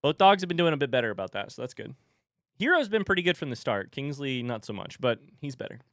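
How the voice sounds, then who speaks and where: A man's voice: mid-range voice, sing-song, fast, a bit bright, no room sound, studio quality. A man chatting casually on a livestream, rambling and reading viewer messages aloud.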